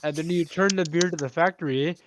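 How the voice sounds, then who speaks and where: A man chatting with his tabletop group, telling stories with animated retellings and jokes. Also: a little high, fast talker, noisy background. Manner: animated storyteller, tells jokes in a mock voice. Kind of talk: casual chat among tabletop players.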